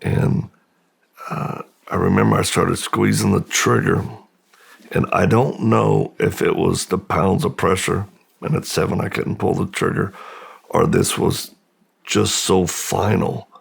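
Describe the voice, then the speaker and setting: A middle-aged American man, a podcast guest, slowly and haltingly recounting a painful memory in a subdued, gravelly voice. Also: low-pitched, steady tone. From United States. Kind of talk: personal storytelling in interview.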